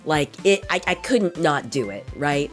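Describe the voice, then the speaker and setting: Low hoarse woman streamer. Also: lively intonation, faint music behind. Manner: playful, quick banter with chat. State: hoarse, sick voice. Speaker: virtual streamer. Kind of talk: casual livestream chat.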